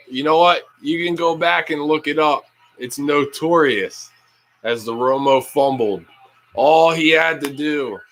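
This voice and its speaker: Excitable young man reacting to a live game. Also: mid-range voice, a little hiss or hum, low-quality recording. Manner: excitable, yells at big plays, reads chat aloud; casual, slangy. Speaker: livestream host.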